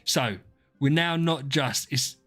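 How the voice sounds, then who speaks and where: A man's voice: fairly high pitch, takes it slowly, fairly bright tone. Rambling man streamer chatting to viewers. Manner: rambling, self-deprecating, talks to chat by name. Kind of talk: casual live-stream chat. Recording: faint music behind.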